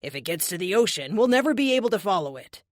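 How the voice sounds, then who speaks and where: A woman's voice: mid-range voice, sing-song, fast, no echo, lightly acted. A woman voicing a determined young male team leader, earnest with dry sarcasm.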